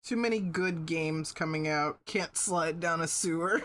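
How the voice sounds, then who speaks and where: A woman's voice: low-pitched, measured pace, few pauses, a bit bright. A woman streamer chatting casually with her viewers, swearing freely and breaking into laughter. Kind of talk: casual live-stream chat.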